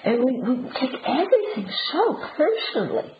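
A woman's voice: fairly high pitch, very animated, unhurried. A woman giving a conversational Buddhist teaching talk, often checking in with her listeners. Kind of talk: dharma talk. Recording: roomy, dull and noisy.

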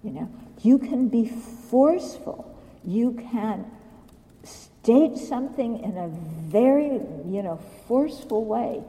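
A woman's voice: fairly high pitch, lively intonation, slow, mellow, long reverb tail, low-quality recording. A woman giving a Buddhist dharma talk in a blunt, questioning way, often acting out what other people say. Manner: blunt, questioning, acts out quotes. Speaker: Buddhist teacher.

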